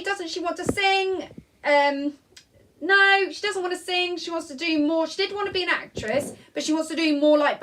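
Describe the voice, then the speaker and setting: A woman's voice: sits high, a bit bright, recorded from a distance, slight background noise, rough recording. A woman hosting a live Q&A from home, chatting in a rambling, apologetic way with lots of "um" and "like", reading viewer comments aloud into a tablet. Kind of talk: casual live-stream chat. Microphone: tablet recording.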